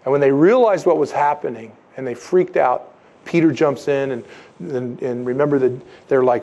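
A man preaching a sermon in a lively, conversational way, acting out quotes and asides. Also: fairly high pitch, normal speed. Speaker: pastor.

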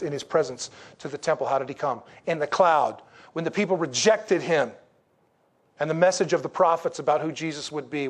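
Man, pastor, sermon, slightly high voice, folksy, rhetorical questions, emphatic. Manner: conversational, rising to emphatic slow declarations.

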